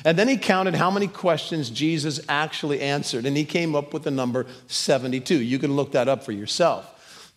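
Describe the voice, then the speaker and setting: A man's voice: medium pitch, in a large hall. A man preaching a sermon, earnest and emphatic, often repeating words as he builds a point. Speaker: pastor.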